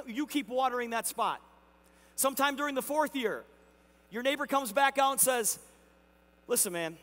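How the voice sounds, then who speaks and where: A man in a large convention hall telling a motivational story as a company executive, acting out both sides of an exchange with a neighbor. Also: very high voice. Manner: energetic, acts out neighbor dialogue in the story. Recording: hall reverb.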